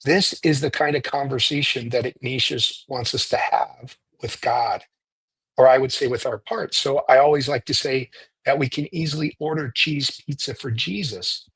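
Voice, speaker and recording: A man with a slightly husky voice, talking through a spiritual idea as if to a friend. He keeps it animated and story-driven, tossing in "right?" to check in. The sound is close and dry, with no room around it. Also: mid-range voice, moderate pace, no echo, rough recording. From United States. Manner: animated storyteller, often ends points with "right?". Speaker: priest and retreat leader. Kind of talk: conversational teaching.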